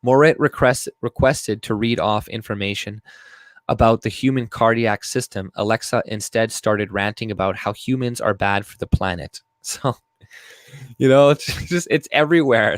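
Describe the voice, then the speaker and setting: A man's voice: fairly low pitch, moderate pace, dry recording. A man giving a casual, profane, rambling commentary on news stories, reading articles aloud. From Canada. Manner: rambling and profane, with frequent fillers and laughs. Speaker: video commentator.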